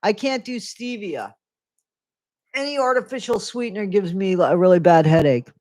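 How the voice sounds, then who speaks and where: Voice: medium pitch, moderate pace, a little mellow, no echo. A live-stream host chatting casually on a new microphone at home, rambling between topics and reading viewer comments aloud. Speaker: livestream host.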